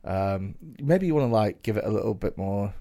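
A man, co-hosting a podcast with sarcastic, deadpan jabs in casual banter. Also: lowish voice, normal speed. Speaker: podcast co-host.

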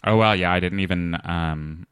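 A man's voice: low voice, moderate pace, fairly bright tone, smooth, no echo. A man hosting a comedy podcast, talking in a hesitant, dry comic way with many fillers. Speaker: podcast host.

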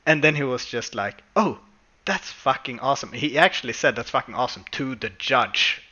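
A man in a casual podcast chat, telling stories with excitement and bursts of laughter. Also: medium pitch, moderate pace, highs cut off.

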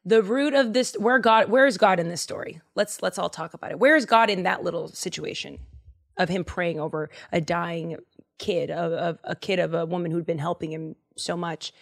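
A woman's voice: on the low side, moderate pace, gravelly. A woman hosting a podcast, retelling Bible stories in a casual, slangy, chatty way. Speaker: podcast host.

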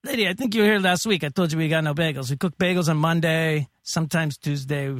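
A man voicing a gruff older male baker who speaks halting, broken English in a put-on, vague European accent. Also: on the high side, fairly bright tone, no room sound, clean studio sound, lightly acted. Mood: exasperated.

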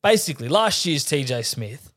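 An Australian man co-hosting a casual sports podcast, telling stories with lively acted-out quotes. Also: on the high side, moderate pace. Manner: animated storyteller, acts out quotes. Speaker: podcast co-host. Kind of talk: casual chat.

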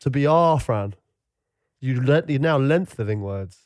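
A man's voice: medium pitch, animated, unhurried, darkish tone, no echo, clean studio sound. Teasing man in casual podcast chat. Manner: teasing, laughs often. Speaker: podcast co-host.

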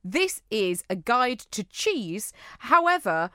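A woman's voice: fairly high pitch, very animated, takes it slowly, sharp tone, clean tone, no room sound, clean studio sound. A British woman co-hosting a podcast chats casually and reads listener mail, giggly and exclamatory. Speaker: podcast co-host.

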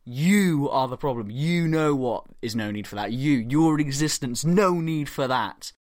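A man's voice: mid-range voice, expressive, unhurried, no echo, clean studio sound. A young man hosting a podcast, animatedly telling a comic story full of swearing and acted-out quotes. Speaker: podcast host.

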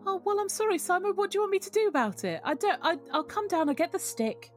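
A woman voicing a frazzled middle-aged mother, talking in a shrill, exasperated way. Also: very animated, fast talker, soft background music.

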